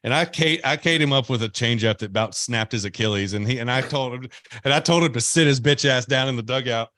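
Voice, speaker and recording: A young man hosting a podcast, telling animated stories with swearing and laughter. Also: medium pitch, fast, dry recording. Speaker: podcast host, former player. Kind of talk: casual podcast chat.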